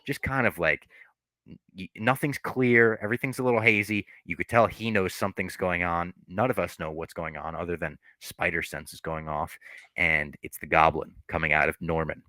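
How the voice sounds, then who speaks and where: Low-voiced man hosting a casual podcast. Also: fairly even intonation, normal speed, sharp tone, no room sound. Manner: loose, swearing, rambling storytelling. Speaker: podcast host. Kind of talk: casual movie recap chat.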